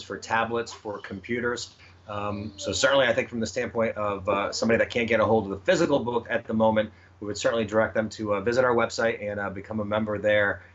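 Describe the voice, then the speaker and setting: A man's voice: on the low side, fairly bright tone. Hesitant man, muffled recording. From United States. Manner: hesitant, many fillers and restarts. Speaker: children's book creator interviewed as guest. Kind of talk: casual interview answers. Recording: slightly muffled with faint noise.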